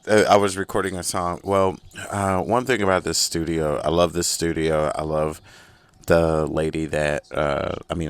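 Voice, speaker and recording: A man's voice: a bass voice, clear, resonant tone, no room sound. A man hosting a casual solo podcast, rambling, profane and self-mocking, in a small recording studio. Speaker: podcast host.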